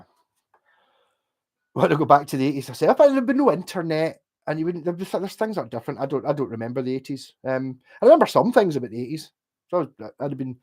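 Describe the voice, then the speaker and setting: A Scottish man in his forties with a slightly high voice, talking casually to a livestream audience. He rambles from story to story, swears freely and often leaves a sentence hanging before starting the next one. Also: darkish tone. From Scotland. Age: 40s. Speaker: livestream host. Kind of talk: casual chat.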